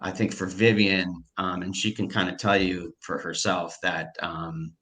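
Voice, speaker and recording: A man telling a personal story in casual conversation, excitable and full of filler words and restarts. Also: low-pitched, unhurried. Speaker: storyteller recounting a personal experience.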